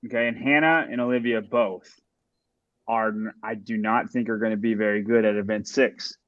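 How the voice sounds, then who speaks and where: Male host: low voice, dry and muffled sound, chatty analyst. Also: fairly even intonation, moderate pace, no echo. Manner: talkative, analytical. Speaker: podcast host. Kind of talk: casual sports analysis.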